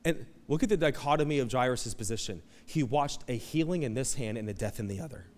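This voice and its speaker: A man preaching a sermon as pastor, animated, breaking into loud, high outbursts as he acts out pleading voices from the story. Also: fast, big-room sound, slight background noise. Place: church auditorium.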